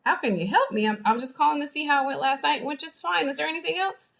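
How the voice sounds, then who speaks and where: A woman's voice: medium pitch, huge pitch swings, fast talker, fairly bright tone. A woman voicing an upset friend on the phone who answers in terse, clipped, coldly polite phrases.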